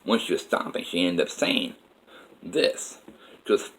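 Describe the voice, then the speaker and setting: Low-voiced man telling a rambling story. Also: expressive, a little slow, fairly bright tone, low-quality recording. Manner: rambling, emphatic, many fillers. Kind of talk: personal story monologue.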